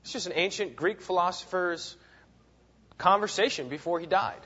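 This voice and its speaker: A man teaching a Bible class, lecturing in an animated, emphatic way, often repeating words and checking in with "right?", on a dull, lo-fi recording. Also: high voice, normal speed, slightly rough.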